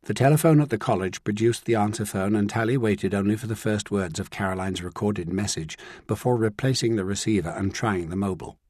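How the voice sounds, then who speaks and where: Male narrator, measured reading, low husky voice, dry booth. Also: dry recording. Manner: measured, even storytelling. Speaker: audiobook narrator. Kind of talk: scripted audiobook narration.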